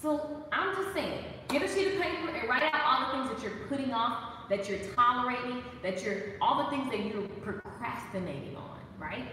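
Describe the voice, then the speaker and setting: A woman giving a casual, animated devotional talk, playful and preachy and full of laughs. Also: a little high, moderate pace, few pauses, heavy reverb, in a large hall, distant mic, a little hiss or hum, rough recording. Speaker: faith talk host.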